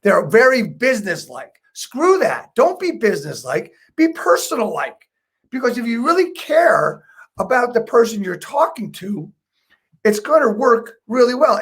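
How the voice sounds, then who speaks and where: A man leading a live online lesson as a sales trainer. He is chatty and upbeat, keeps checking in with "right?", and adds quick apologetic asides when he slips up. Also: very high-pitched, sing-song, fairly bright tone, slightly rough. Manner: self-correcting, apologetic asides.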